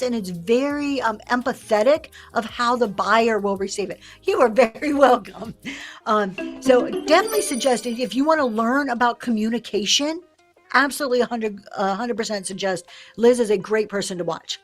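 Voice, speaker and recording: Brief: woman, fairly high voice, livestream host coaching sellers, lively, acts out quotes, faint music under her. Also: moderate pace. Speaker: live-selling host. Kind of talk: livestream teaching talk.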